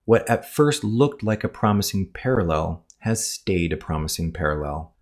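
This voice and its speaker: A man's voice: sits low, animated, normal speed, darkish tone. A man, the author of a book, delivering a scripted commentary that rebuts a critic, speaking precisely and formally, spelling words out letter by letter and addressing his critic directly.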